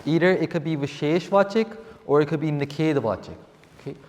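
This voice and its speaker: A man's voice: fairly high pitch, animated, moderate pace, darkish tone. A young man, teaching a classroom vocabulary lesson and often checking in with "okay?". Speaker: seminar teacher. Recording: echoey room with long reverb.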